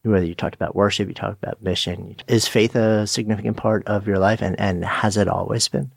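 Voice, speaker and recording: A man hosting a podcast, asking reflective interview questions in a quick-talking way. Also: on the low side, fairly even intonation, gravelly, slightly rough, no echo, clean studio sound. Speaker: podcast host.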